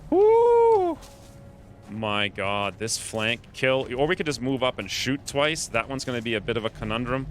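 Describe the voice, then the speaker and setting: A man's voice: mid-range voice, moderate pace, hardly any pauses, sharp tone, slight background noise. A man giving playful live commentary while streaming a game, coining silly nicknames as he plans each move.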